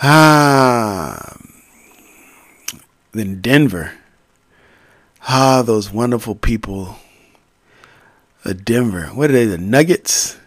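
A man hosting a casual solo podcast, rambling and profane, with sudden loud outbursts. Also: mid-range voice, expressive, extremely slow, pauses often, no echo. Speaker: podcast host.

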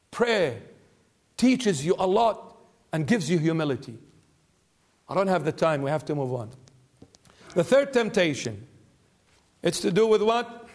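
A man preaching a sermon in church as a bishop, earnest and pleading, slowing down to stress his words. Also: on the high side, sing-song, a little mellow. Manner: earnest, pleading, slows down for emphasis.

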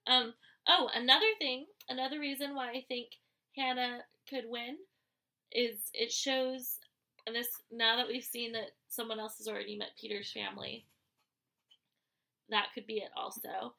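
A woman with a sick voice co-hosting a casual podcast. Her voice sits a little high, bright and crackly with fry. She speculates earnestly. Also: flat delivery, normal speed. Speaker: podcast co-host. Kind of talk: casual chat about a reality TV show.

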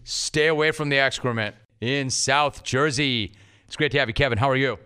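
A man's voice: mid-range voice, moderate pace, pushed and bright, clean tone. A man hosting a sports radio show, brash and punchy, repeating short phrases for effect. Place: radio studio.

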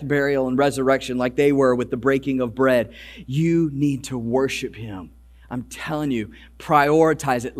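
Male pastor, high voice, fervent sermon delivery with stammered restarts. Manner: animated preaching, repeats words when starting a sentence. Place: church service, also streamed.

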